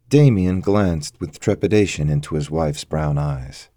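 A man narrating a story in a measured, steady reading, voicing the husband in the same tone. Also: rumbling low, no echo, studio quality. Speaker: audiobook narrator. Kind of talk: scripted narration.

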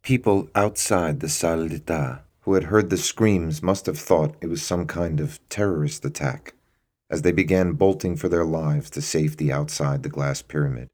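A man narrates a dramatic story in a low, deep voice. His reading is steady and measured, letting the scenes unfold evenly.

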